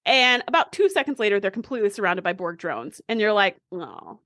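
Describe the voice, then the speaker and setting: A woman's voice: medium pitch, lively intonation, fast, fairly bright tone, no room sound, studio quality. A woman co-hosting a podcast, casually recapping a TV episode and acting out the characters' lines. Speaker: podcast co-host.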